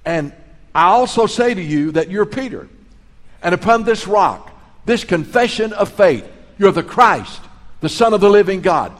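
A middle-aged pastor delivers a sermon. His voice sits a little high and swells on the key phrases. It rings out with the long echo of a large hall. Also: lively intonation, measured pace. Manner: earnest, storytelling preacher, swells in volume on key phrases. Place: large hall, school auditorium.

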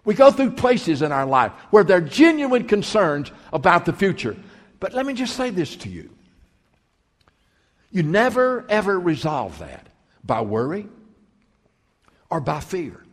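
Male pastor, slow and emphatic delivery, lively rising and falling pitch, reverberant sanctuary sound. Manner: emphatic preaching, repeating key phrases. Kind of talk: sermon.

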